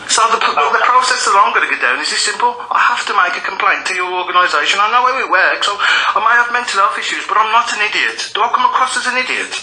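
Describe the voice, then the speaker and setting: A man's voice: sits high, expressive, quick pace, few pauses, sharp tone, echoey room. A man on a recorded phone call, shaken and angry, pressing a complaint and repeating himself insistently. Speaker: tenant making a complaint.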